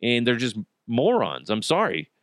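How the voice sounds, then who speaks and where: A man's voice: medium pitch, huge pitch swings, normal speed, no echo, studio quality. Joking, profane male podcast host. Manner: joking, profane, laughs at his own jokes. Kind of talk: casual comedic podcast monologue.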